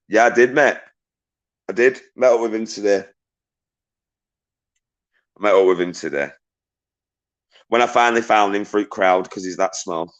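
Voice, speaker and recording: A man on a livestream, agitated and swearing as he reads out and answers viewer messages. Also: sits low. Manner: agitated and ranting, swears often, shouts out viewers.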